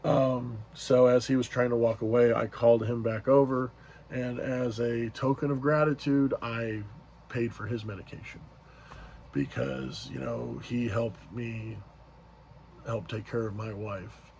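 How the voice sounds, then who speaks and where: A man's voice: medium pitch, fairly even intonation, unhurried, darkish tone, dull audio, slight background noise. A man casually retelling an event as a vlogger, rambling along with many fillers and restarts. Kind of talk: casual storytelling recap.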